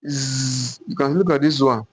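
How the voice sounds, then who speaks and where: Teaching Qur'an pronunciation at a board in a classroom, a man speaks in a medium-pitched voice with a breathy edge, recorded without echo. He works slowly and repetitively through each letter sound, saying it aloud several times, and often asks himself a rhetorical "what?" before the answer.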